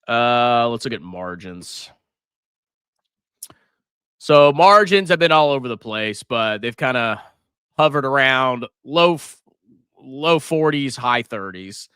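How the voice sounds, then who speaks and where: A man hosting a casual livestream about stocks, excitable, swearing freely and quick to laugh. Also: mid-range voice, no room sound, studio quality. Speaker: finance livestream host.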